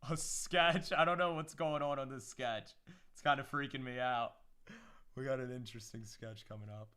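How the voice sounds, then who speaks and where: A man's voice: mid-range voice, steady tone, normal speed, bright, forceful tone, clean tone. A young man hosting a casual livestream, opening card packs and talking to chat in hyped, slangy bursts.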